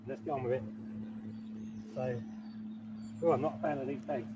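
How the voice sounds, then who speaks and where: A man's voice: medium pitch, steady tone, normal speed, very noisy. A man, talking bluntly and casually as he sets up camp outdoors in a woodland for his vlog. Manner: blunt, plain-spoken. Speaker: camping vlogger.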